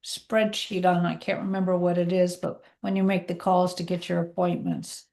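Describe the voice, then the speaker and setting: A woman's voice: on the low side, animated, moderate pace, creaky, darkish tone. A woman on a video call chatting eagerly and searching for words. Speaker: participant. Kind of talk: casual chat on a video call.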